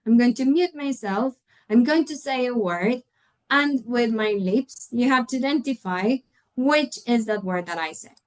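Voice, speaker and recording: A woman runs an online English teaching webinar. Her voice sits slightly high as she explains pronunciation patiently through a computer mic. She often stops to check on her audience. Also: animated, a little slow, low-quality recording. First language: Spanish.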